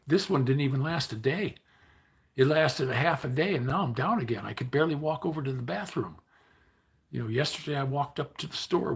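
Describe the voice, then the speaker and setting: An older man chatting casually to his livestream viewers, weary and low on energy, rambling and grumbling with many restarts. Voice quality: gravelly, raspy. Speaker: livestream host.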